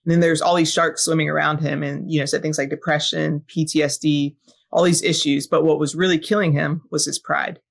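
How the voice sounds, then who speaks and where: A woman's voice: low-pitched, flat delivery, a little fast, creaky. A woman guest on a podcast, a fire battalion chief, telling a personal story in an earnest, reflective way with lots of ums and uhs. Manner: earnest, reflective, frequent filler sounds.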